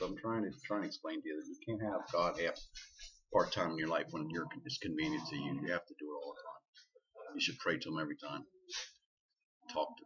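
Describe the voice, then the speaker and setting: A man's voice: deep voice, fairly bright tone, dull audio. A man preaching casually to the camera in a vlog, earnest and repeating himself for emphasis. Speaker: vlogger.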